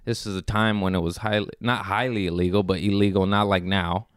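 A man's voice: deep voice, fairly even intonation, fairly quick, clean tone, no room sound, clean studio sound. A man in his thirties telling a rambling, profane story in a casual chat, laughing often and restarting his sentences. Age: 30s. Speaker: podcast host. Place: Los Angeles.

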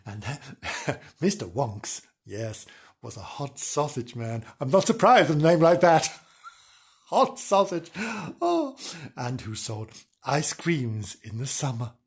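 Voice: mid-range voice, big pitch swings, slow pace, slightly rough. A storyteller reading a comic storybook aloud, giggling and breaking off to joke about the story.

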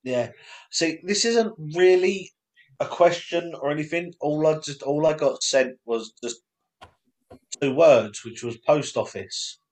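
A man's voice: on the high side, unhurried, a little mellow, rough recording. A young man hosting a casual podcast, rambling and self-deprecating as he circles back on his own words. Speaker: podcast host.

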